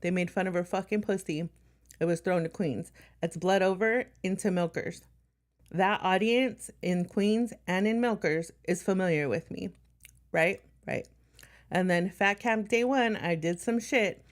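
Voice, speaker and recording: A lowish-voiced woman chatting on a stream, swearing freely and speaking bluntly. Her tone is sarcastic and matter-of-fact. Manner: slightly out of breath while moving furniture. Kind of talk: casual stream chat.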